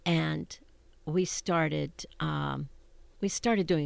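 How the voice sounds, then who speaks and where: An older woman, a stage actress, telling funny backstage stories in an animated, laughing way that keeps interrupting itself. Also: on the low side, takes it slowly, gravelly, no room sound. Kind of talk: anecdotal storytelling.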